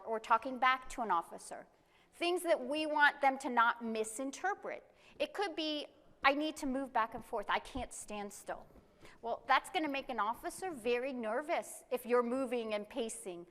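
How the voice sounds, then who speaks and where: Woman presenting at a conference, high clear voice, long hall echo. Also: a bit bright. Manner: explanatory, reads card statements aloud slowly. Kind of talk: live presentation to an audience. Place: conference room.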